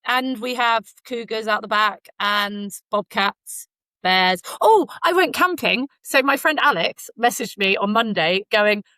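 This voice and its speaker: A woman's voice: medium pitch, lively intonation, unhurried, pushed and bright, dry recording. A woman, co-hosting a podcast and telling stories in a casual, rambling way with many fillers. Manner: chatty storyteller, frequent fillers. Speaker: podcast co-host. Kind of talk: casual chat. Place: Canada.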